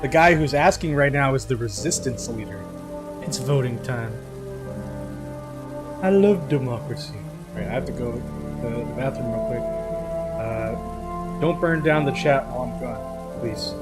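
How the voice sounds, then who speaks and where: A man at a middle, unremarkable pitch streams a game and talks to his viewers in a loose, teasing way. He jokes with his chat as he plays. Loud game music and the sound of rain run under his voice. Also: expressive, measured pace, long pauses. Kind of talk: live-streamed gameplay chat.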